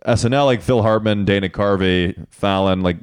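A man's voice: fairly low pitch, normal speed, clear, resonant tone. A young man, a guest comedian, chatting casually on a podcast as a rambling, joking storyteller.

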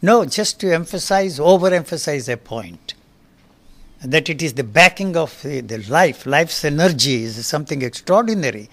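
An elderly man in his eighties with a gravelly, creaky voice that sits a bit high. He talks in a fiery, blunt, emphatic way while being interviewed. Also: expressive, normal speed, fairly bright tone. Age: 80s. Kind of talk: interview conversation.

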